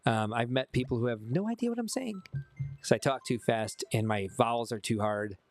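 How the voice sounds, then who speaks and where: A man's voice: medium pitch, lively intonation, normal speed, soft background music. A man with a Chicago accent, a bit tipsy from whiskey, rambling casually and poking fun at himself as he chats with viewers during a livestream. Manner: rambling, self-mocking, talks to chat. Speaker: streamer. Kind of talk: casual game livestream chat.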